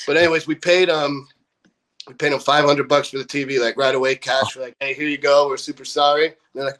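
A man's voice: medium pitch, fast talker. Young guy telling a profane tour story. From California. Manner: profane, animated storyteller acting out quotes. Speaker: band member. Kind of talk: casual storytelling.

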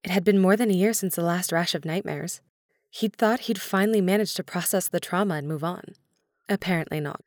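Gentle woman narrator, lowish voice, dry close recording. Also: a little fast, no echo. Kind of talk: storybook narration.

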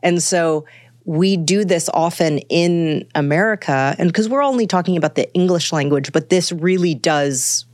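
A woman's voice: fairly low pitch, moderate pace, a little mellow, no echo, clean studio sound. A woman author talking at length about how voices sound, thoughtful and searching, full of fillers and restarts. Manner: thoughtful, exploratory, many fillers. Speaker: guest author on voice. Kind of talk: conversational podcast interview.

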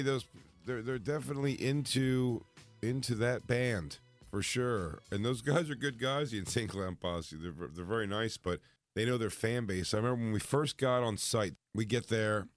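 A man's voice: on the low side, moderate pace, no echo, faint music behind. A comedian telling a funny story in a casual chat, acting out the people he quotes. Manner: animated, acts out quotes with laughter. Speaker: comedian guest.

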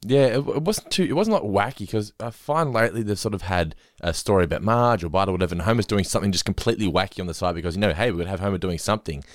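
A man's voice: low voice, very fast, hardly any pauses, dry recording, studio quality. A young man co-hosting a podcast, rambling casually about an episode with many fillers. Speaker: podcast co-host. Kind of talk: casual chat reviewing an episode.

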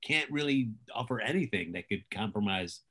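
A man's voice: on the low side, expressive, moderate pace, a bit bright. A man joining a casual podcast chat, easygoing and speculating about plots.

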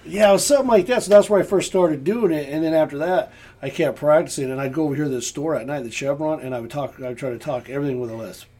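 Mellow, husky-voiced rambling man. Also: a little high, fast talker. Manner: rambling storyteller. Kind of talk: casual chat.

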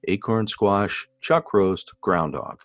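A man's voice: on the low side, slow, no room sound. A man co-hosting a podcast, chatting casually and animatedly with his co-host, laughing often. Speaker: podcast co-host, expectant father. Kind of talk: casual chat.

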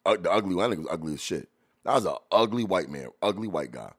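A man hosting a podcast, reacting to old videos in blunt, profane casual chat, laughing loudly as he jokes, into a studio mic. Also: sits low, lively intonation, fast talker, breathy edge. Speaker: podcast host.

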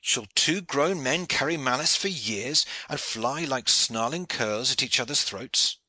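Male reader as a pious young clerk pleading for peace; bright and animated. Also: mid-range voice, unhurried, no echo, pitched above the performer's own voice, heavily acted, poor audio. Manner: earnest, pleading.

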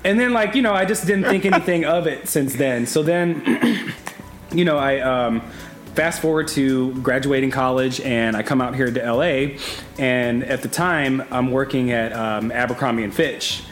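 A man's voice: medium pitch, normal speed, soft background music. A man in his thirties, a podcast guest, talking candidly and laughing often, swearing freely. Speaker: podcast guest, former reality show contestant. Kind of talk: casual chat.

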